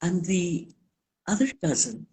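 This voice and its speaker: An older woman speaking as a guest in a live interview, slow and emphatic, leaning on key words. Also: lowish voice, expressive, mellow.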